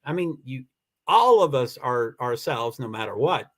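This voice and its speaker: A man hosting a livestream reads and answers viewer comments in casual chat, rambling and upset, restarting often and close to tears. His mid-range voice is very animated yet unhurried. He's picked up by a computer mic for the stream.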